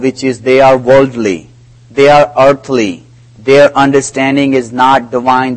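A man preaching a sermon in a slow, deliberate way, with non-native grammar, who retells conversations in a lowered voice. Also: poor audio.

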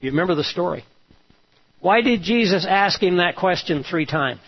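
A man's voice: high voice, lively intonation, normal speed, slightly rough. A male pastor preaching a sermon, retelling a story and voicing the quoted lines with emphasis. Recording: dull lo-fi sound.

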